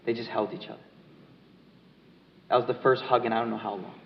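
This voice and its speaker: A man's voice: medium pitch, level tone, a little fast, gravelly. A man being interviewed as an author, speaking earnestly and emphatically and telling stories to a crowd in a large mosque hall. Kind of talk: conversational interview with storytelling. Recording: echoey hall, dull lo-fi sound.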